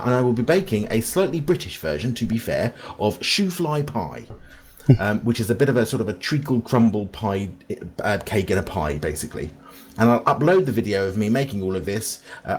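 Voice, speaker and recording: Husky-voiced jokey man, fan podcast co-host. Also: medium pitch, darkish tone. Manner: jokey, theatrical. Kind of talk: playful fan podcast banter.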